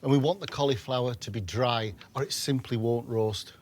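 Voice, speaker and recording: A man's voice: mid-range voice, moderate pace. A man hosting a cooking show, chatting as he explains each step of a recipe. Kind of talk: cooking demonstration. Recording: faint background noise in a studio kitchen.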